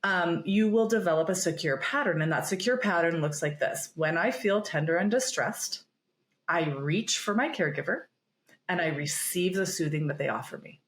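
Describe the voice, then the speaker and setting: A woman's voice: fairly low pitch, lively intonation, normal speed. A woman therapist, a podcast guest, explaining in an earnest, emphatic, conversational way. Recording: roomy echo.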